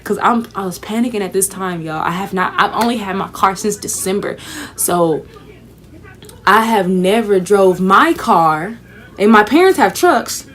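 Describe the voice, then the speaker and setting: A woman's voice: mid-range voice, fairly bright tone. A young woman, casually telling a swear-filled story in her vlog and acting out the people in it. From Houston, Texas. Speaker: vlogger. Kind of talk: casual storytime while taking down braids.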